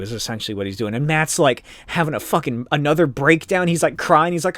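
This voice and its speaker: Profane, animated male podcast host. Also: on the high side, fast, hardly any pauses, dry recording, clean studio sound. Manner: loose, profane and animated storytelling. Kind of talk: casual comic book recap.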